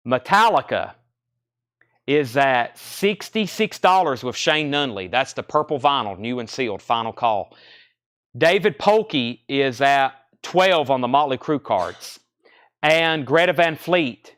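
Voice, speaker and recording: A man hosting a live record sale, briskly calling out bids and prices, out of breath. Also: medium pitch, fairly bright tone, clear, resonant tone, dry recording, clean studio sound. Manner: brisk, matter-of-fact auctioneer patter. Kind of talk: live sales stream, rattling off prices.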